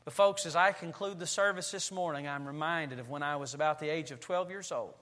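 A man in his forties, a pastor preaching a sermon in a church sanctuary and telling family stories with lively, acted-out delivery. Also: a little high, fairly quick, big-room sound. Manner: animated storytelling preacher, acting out family scenes.

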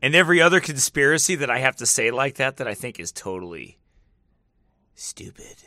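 A man's voice: mid-range voice, big pitch swings, fast, pushed and bright, no room sound, studio quality. A man giving casual commentary to camera, mocking and often laughing between remarks, turning preachy when he gets serious. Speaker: online video commentator.

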